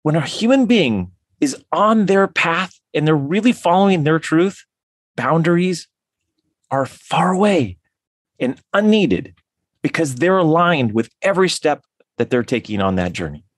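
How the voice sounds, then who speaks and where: A man's voice: on the high side, big pitch swings, measured pace, no echo, clean studio sound. A man, a tantric counselor, talks enthusiastically as a podcast guest, often restarting his sentences. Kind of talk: podcast interview.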